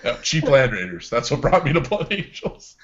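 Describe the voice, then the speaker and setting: A man's voice: mid-range voice, big pitch swings, moderate pace, lo-fi sound, crowd noise. A man co-hosting a casual webcast, laid-back and joking. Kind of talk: casual chat.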